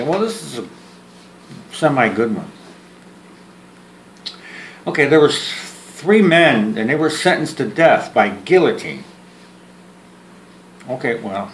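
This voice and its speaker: A man's voice: medium pitch, slight background noise. A man vlogging one side of a phone call. He jokes around, rambles and restarts his words, and pokes fun at himself. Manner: joking, rambling, self-deprecating, repeats words. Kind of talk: one-sided phone chat to camera. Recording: roomy with faint ambience.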